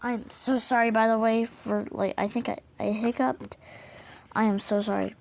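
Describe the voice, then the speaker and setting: A woman's voice: on the high side, steady tone, moderate pace, gravelly, a little mellow, slight background noise. A woman reading a children's storybook aloud, stumbling over words and apologizing often, with the hiccups. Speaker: reader.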